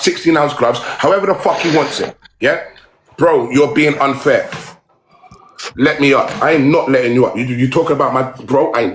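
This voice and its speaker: A man goes on an aggressive, profane rant during a phone livestream. He repeats his taunts and jabs at his target again and again. The sound carries a roomy echo. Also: medium pitch. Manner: aggressive, swearing, repetitive taunts.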